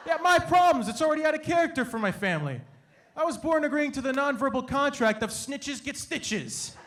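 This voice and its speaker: A young man from Canada doing an animated, playful stand-up comedy set on a stage, acting out his family in quick bits. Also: extremely high pitch, slight background noise. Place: comedy stage before a live audience.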